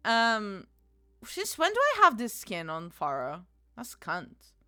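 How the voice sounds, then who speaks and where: A woman game streamer chatting casually with her viewers, bubbly and quick to laugh, calling people darling. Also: medium pitch, wildly swooping pitch, no room sound, studio quality. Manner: bubbly, bursts into loud panicked squeals and laughter. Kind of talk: casual live-stream chat.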